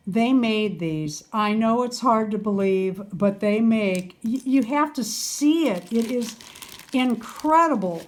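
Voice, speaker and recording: A woman's voice: medium pitch, darkish tone. An older woman unboxing a parcel of doll items and gushing over each piece with delighted exclamations. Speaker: doll collector vlogger. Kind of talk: unboxing video chat.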